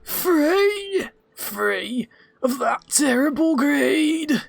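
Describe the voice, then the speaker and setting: A man's voice: very high-pitched, big pitch swings, creaky, dry recording, soft background music, pitched above the performer's own voice, full character voice. A man voicing a dying, remorseful queen in a put-on British accent, crying out in long drawn wails. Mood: anguished. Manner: wailing, drawn-out cries.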